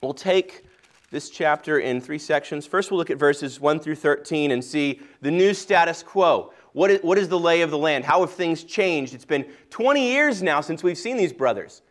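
A male pastor reading scripture aloud and then preaching in a measured, earnest way, with occasional restarts. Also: a little high, animated.

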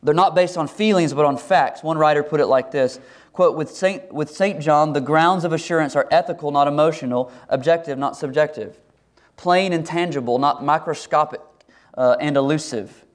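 A man's voice: fairly high pitch, normal speed. A middle-aged man preaching a sermon as pastor, earnest and conversational, often asking his listeners questions. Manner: earnest, conversational, asks the congregation many questions.

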